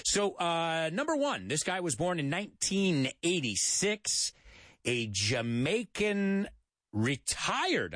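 A man's voice: mid-range voice, a bit bright, no room sound, clean studio sound. An American man hosting a radio show, teaching English in a playful, jokey manner and mixing in Spanish explanations. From United States.

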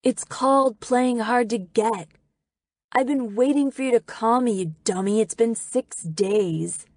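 A woman reading the part of a confident, teasing teenage boy in an audiobook, lowering her voice a little for him. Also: unhurried, darkish tone, dry recording, clean studio sound.

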